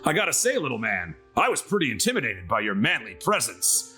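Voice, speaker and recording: A man's voice: medium pitch, wildly swooping pitch, brisk, sharp tone, faint music behind. A man voicing a big, muscular, endlessly optimistic male cleric who speaks in a cheerful, grandiose way. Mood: admiring.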